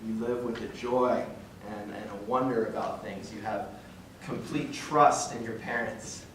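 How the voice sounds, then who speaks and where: A young man with a lowish, slightly bright voice speaks at a measured pace with fairly even intonation. As a guest speaker at a parish talk, he gives an earnest, emotional faith talk to a church group, rambling, restarting, and chuckling. He's recorded from far off in a very echoey, noisy hall.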